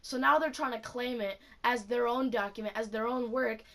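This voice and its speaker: A woman's voice: fairly high pitch, fairly even intonation, moderate pace, a bit bright. A teenage girl telling a story in a casual rant, indignant and swearing freely. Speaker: vlogger.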